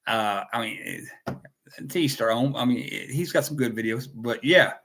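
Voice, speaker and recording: A man's voice: mid-range voice, a little slow, gravelly, a bit bright. An American man hosting a casual livestream chat, rambling and joking as he greets viewers by name. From United States. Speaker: host.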